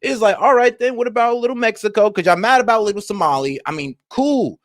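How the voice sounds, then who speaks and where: Guy reacting to news on his stream, slangy and blunt, kinda high voice, dry sound. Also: fast talker, no echo. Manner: blunt, slangy, talks straight to viewers. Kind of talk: casual reaction commentary.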